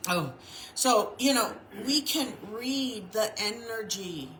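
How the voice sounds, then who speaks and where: A woman's voice: on the high side, expressive, slow, a bit bright. A woman chaplain giving an informal sermon, telling stories in a frank, conversational way and often repeating her words. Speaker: chaplain and reverend. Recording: echoey room with faint noise.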